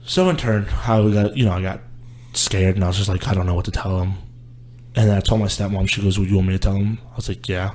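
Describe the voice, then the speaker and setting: A man's voice: low-pitched, steady tone, quick pace, a little mellow. A young man, a guest on a casual podcast, telling his life story in a candid, rambling way. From Houston, Texas. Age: young adult.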